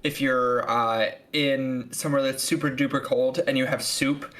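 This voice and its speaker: A man's voice: medium pitch, flat delivery, unhurried, a bit bright. A man playing in a live-streamed tabletop role-playing game, telling rambling jokes and giggling often. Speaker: player.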